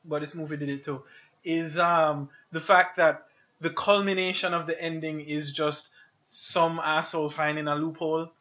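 A man's voice: a little high, level tone, normal speed, sharp tone, highs cut off. A man with a French accent co-hosting a casual movie review chat, telling stories animatedly, laughing often and swearing casually.

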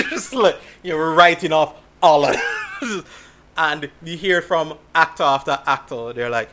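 A man from Jamaica, chatting casually and telling stories in an animated way, laughing often. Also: fairly high pitch, takes it slowly, a little hiss or hum. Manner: animated storytelling with frequent laughs. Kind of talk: casual chat.

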